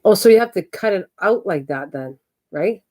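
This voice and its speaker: A woman's voice: medium pitch, lively intonation, normal speed, warm tone. A woman hosting her crafting channel, chatting casually and teasing while she works on journal pages. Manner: chatty, teasing, laughs easily.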